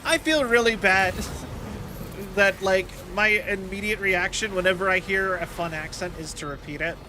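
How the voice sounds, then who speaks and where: A man's voice: high voice, normal speed, background noise. A young man from the United States chatting casually while streaming a game, rambling with lots of fillers and self-deprecating asides.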